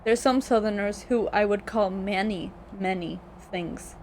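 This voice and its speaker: With a mid-range, slightly mellow voice and a somewhat slow delivery, a young American woman chats while streaming a game. She rambles and giggles, often bursting into laughter, and the recording carries a little hiss or hum.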